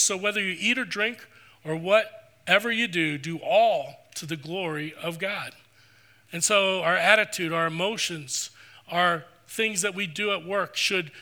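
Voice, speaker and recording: Bright-voiced preaching pastor, man. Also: high-pitched. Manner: earnest, preacherly, slows for scripture. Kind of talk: sermon. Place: church sanctuary.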